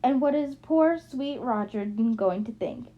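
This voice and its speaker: A resentful, drunken young woman, read by a woman spits out taunts and accusations at her sister in a somewhat high voice. Her speech is bitter and mocking, and the audiobook recording has a dull, muffled sound. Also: expressive, a little slow. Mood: taunting. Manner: taunting, accusing, slurring anger.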